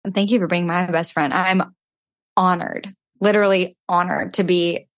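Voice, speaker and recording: A young woman talks as a guest on a podcast in a loose, chatty way, sprinkling "like" through every sentence. Her voice sits on the low side for a woman. The recording is dry, with no room sound around her. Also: steady tone, normal speed, dry recording. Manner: chatty, heavy use of filler "like". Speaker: podcast guest, fitness influencer. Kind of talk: casual chat.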